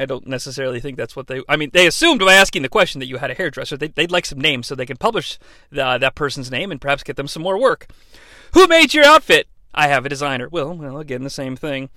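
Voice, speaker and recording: A man's voice: a little high, fast talker, bright, forceful tone, dry recording. A man hosting a comedic podcast and recapping wrestling in a sarcastic, profane way on a close mic. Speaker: podcast host.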